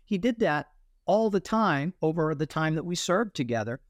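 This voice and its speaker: Animated man telling his story. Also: fairly high pitch, normal speed, no echo, studio quality. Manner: animated storyteller, acts out quoted voices. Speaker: guest, military veteran and artist. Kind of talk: testimony in an interview.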